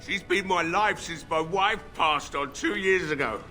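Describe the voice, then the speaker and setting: An actor playing a weary, bitter old village blacksmith who has been drinking heavily, gruff in manner. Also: male voice, sits high, a little slow, sharp tone, soft background music. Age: older. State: drunk. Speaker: game character.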